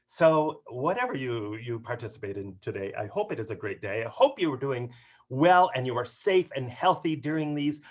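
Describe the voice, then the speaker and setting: A man giving an upbeat, joking talk on workplace humor during a video call, with an animated and playful delivery. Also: mid-range voice. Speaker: keynote speaker on workplace humor. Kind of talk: upbeat webinar talk with jokes. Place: home office on a video call. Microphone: video call mic. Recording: dull lo-fi video call audio.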